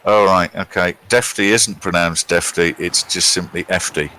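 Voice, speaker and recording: A man's voice: low-pitched, fairly even intonation, moderate pace, bright, forceful tone, a little hiss or hum, poor audio. A middle-aged British man commentating on a live game stream and reading out viewer chat in a chatty, wry, self-mocking way. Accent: British English.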